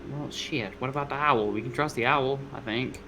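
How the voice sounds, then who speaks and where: A man playing in a tabletop game, chatting casually and blurting out his ideas with excitement. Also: medium pitch, normal speed, background noise. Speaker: player.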